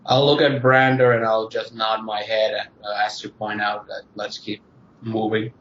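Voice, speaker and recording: A man's voice: on the low side, flat delivery, normal speed, fairly bright tone, slight background noise. A man hesitantly describing his character's actions as a tabletop player over a video call. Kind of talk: in-character game talk. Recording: echoey muffled online call.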